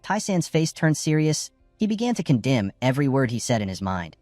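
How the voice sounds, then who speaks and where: Lively male recap narrator. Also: brisk, no room sound, soft background music. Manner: lively, jumps pitch for quoted lines.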